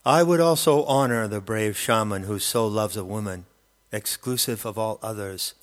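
A man voicing a regal, wistful queen of the dead in an audiobook, his tone husky and measured, with a long reverb on the recording. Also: on the low side, close to an everyday voice. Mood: pensive. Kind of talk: audiobook character reading.

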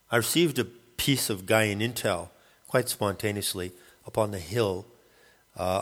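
A man calling himself a shaman, rambling through a halting spoken monologue and often searching for the right word. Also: low-pitched, fairly bright tone, big-room sound. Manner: halting, searching for words, many restarts. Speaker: self-described shaman.

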